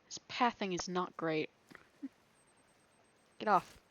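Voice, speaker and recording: A woman's voice: on the low side, takes it slowly, fairly bright tone. A woman playing a survival game and thinking aloud, chatty and rambling, laughing often. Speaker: gaming video creator. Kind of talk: thinking aloud during gameplay.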